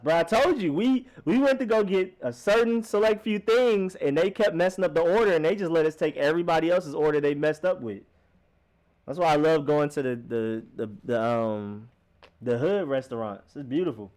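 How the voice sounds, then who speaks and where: A young man hosting a live stream, chatting casually and playfully with viewers in a rambling way. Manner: rambling, playful, lively swings in pitch.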